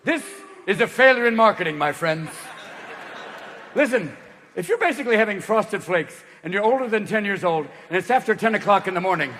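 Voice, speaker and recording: A man in his sixties doing a stand-up comedy routine on a theater stage, manic and profane, leaping into voices and shouted bursts. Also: high voice, animated, a little fast, noisy background. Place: theater stage with live audience. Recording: reverberant hall, live audience.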